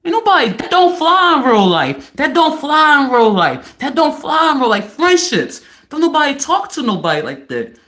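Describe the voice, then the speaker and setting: A woman livestreamer ranting loudly and profanely on a live stream. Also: high voice, moderate pace, few pauses. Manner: loud, profane, animated ranting.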